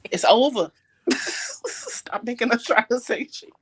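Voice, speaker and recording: Sassy lady joking with family at home, high lively voice, chatter in the room. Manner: sassy, quick to laugh and shut others down. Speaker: family member guest. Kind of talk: casual family banter.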